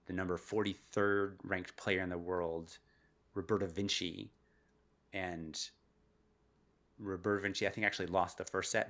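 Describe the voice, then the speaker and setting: Animated man explaining with laughs. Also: low-pitched. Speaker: guest neuroscientist. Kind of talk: podcast interview, explaining.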